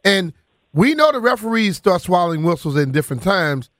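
A man's voice: high voice, big pitch swings, brisk, fairly bright tone, no room sound, studio quality. A man on a sports talk panel, blunt and teasing, with casual slang.

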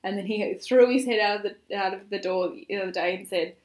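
A woman co-hosting a podcast, telling lively stories about family life. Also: mid-range voice, brisk. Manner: animated storyteller, acts out quotes. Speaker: podcast co-host. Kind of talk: casual chat. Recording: roomy echo.

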